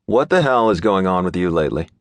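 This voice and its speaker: A blunt male friend who pushes for answers, gruff but concerned, in a low voice with lively inflection, as the audiobook narrator plays him. Close and dry, with no room sound. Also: fast talker, no echo. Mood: prodding. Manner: blunt, prodding. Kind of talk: audiobook character voice.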